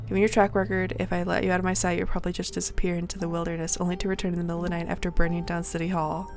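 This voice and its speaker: A woman's voice: fairly low pitch, level tone, racing, a little mellow, faint music behind, natural voice. Woman voicing a stern, scowling grump. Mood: stern scolding. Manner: curt, scolding.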